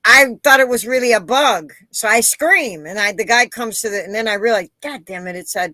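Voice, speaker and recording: A woman hosting a live interview, telling stories in an animated way and acting out the voices of the people in them. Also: a little high, normal speed, no echo. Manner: animated storyteller, acts out quoted voices. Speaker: interview host. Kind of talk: casual live interview chat.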